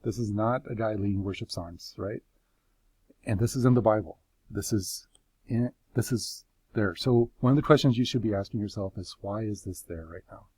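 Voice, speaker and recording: A man's voice: on the low side, moderate pace, a little mellow, husky, dry recording. Conversational man teaching from the Bible. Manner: conversational, emphatic, engages listeners with questions.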